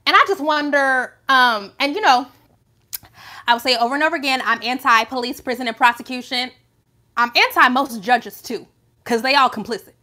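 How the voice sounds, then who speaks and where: Woman, live commentary host, high voice, emphatic, rhetorical questions. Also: moderate pace, pushed and bright.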